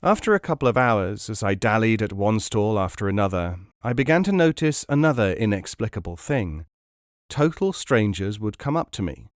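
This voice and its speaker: A man reading a book aloud as a podcast narrator, in a measured, even storytelling manner. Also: lowish voice, no room sound, clean studio sound.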